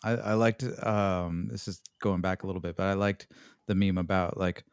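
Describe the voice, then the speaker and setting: A man co-hosting a podcast in casual chat, halting and searching for words, with dry jokes. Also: deep voice, steady tone, clean tone, no room sound. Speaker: podcast co-host.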